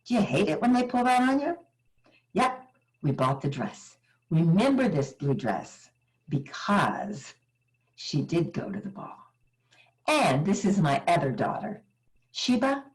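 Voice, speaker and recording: An older woman giving a motivational keynote, telling personal stories with dramatic pauses. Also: lowish voice, rough recording. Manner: animated, dramatic storytelling with pauses.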